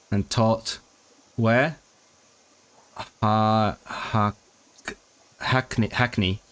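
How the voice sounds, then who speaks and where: A man streaming a study session, thinking aloud as he works out what is being signed, often restarting words and asking himself questions. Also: medium pitch. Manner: halting, restarting words while working out signed content; puzzled self-questioning asides. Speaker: language-learning streamer.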